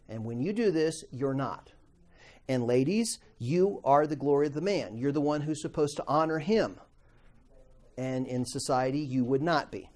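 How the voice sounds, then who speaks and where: A man's voice: fairly high pitch, a little mellow. A middle-aged man teaching a Bible class in a conversational way, asking the class questions and acting out quoted voices.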